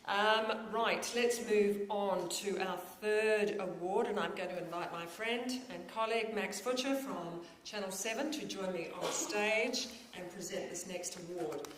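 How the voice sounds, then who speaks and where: A woman's voice: mid-range voice, a little slow, few pauses, slight background noise. A woman hosting an awards ceremony, reading prepared remarks with a few fillers and ad-libs, on stage at an event venue. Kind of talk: formal presenting with ad-libs. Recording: echoey hall, faint ambience.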